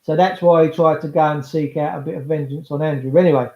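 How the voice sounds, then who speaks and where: A man's voice: on the high side, steady tone, quick pace. A man, rambling chattily to viewers in a casual livestream monologue. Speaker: livestream host. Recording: roomy, slightly dull sound.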